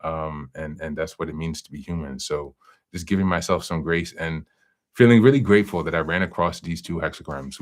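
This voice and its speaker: A man hosting a daily podcast, talking candidly and rambling about personal growth, with frequent "you know" asides. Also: low voice. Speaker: podcast host. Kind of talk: casual spiritual reflection.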